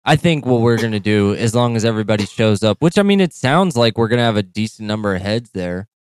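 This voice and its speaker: A man's voice: on the low side, animated, fast, clean tone, no room sound. A man co-hosting a podcast in a laid-back, profane, casual chat. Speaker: podcast co-host.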